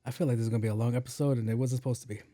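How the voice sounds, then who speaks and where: A man's voice: mid-range voice, fairly even intonation, racing, dark tone, dry recording. A man hosting his own podcast, talking in a rambling, casual way, swearing freely and stumbling over tongue twisters. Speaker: podcast host. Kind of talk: casual solo podcast chat.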